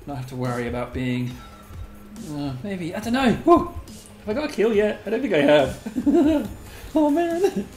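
A host giving live gameplay commentary, excitable and giggly, squealing a high catchphrase, then muttering quietly to themself. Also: normal speed. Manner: mutters quietly to self between bursts. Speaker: gaming video host. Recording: roomy echo, faint game music behind.

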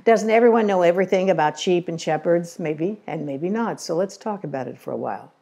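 An older woman giving an inspirational talk on scripture, telling stories with gentle humor in a conversational way. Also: fairly low pitch, animated, a little fast, gravelly. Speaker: Christian Science lecturer. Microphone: remote recording.

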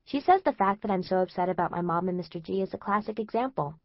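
A woman's voice: fairly low pitch, expressive, fast talker, dry recording, highs cut off. A woman narrating a first-person teen diary in a chatty, anxious, exasperated way. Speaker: audiobook narrator.

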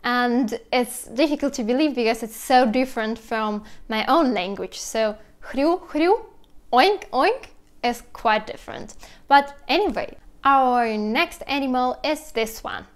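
A young woman with a Russian accent explains sounds in a casual vlog, lively and imitating animal noises as she goes. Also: fairly high pitch, a little slow. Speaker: language teacher vlogger.

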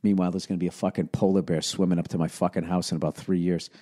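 A man's voice: deep voice, level tone, racing, dark tone. Podcast host, middle-aged man, Boston accent, sarcastic ad reads full of swearing riffs. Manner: profane, sarcastic, shifts between reading copy and riffing. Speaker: podcast host reading ads. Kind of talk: ad read with riffing asides.

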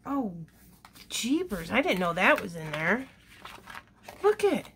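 A woman's voice: medium pitch, very animated, measured pace, fairly bright tone, a little hiss or hum. A woman presenting a crafting haul in a casual video, gushing with exclamations of delight. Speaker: crafting vlogger showing a haul.

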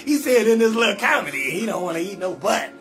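A man hosting a live comedy call-in show, telling stories loudly and animatedly, acting out both sides of conversations and cutting in with blunt refusals. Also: sits high, sing-song, a little fast, faint music behind. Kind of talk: loud storytelling comedy rant.

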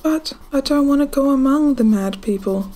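A woman's voice: normal speed, lightly acted. A woman voicing a timid, polite young girl in a storybook, with a lifted, half-whispered voice. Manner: soft, half-whispered, raised pitch. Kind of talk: storybook reading.

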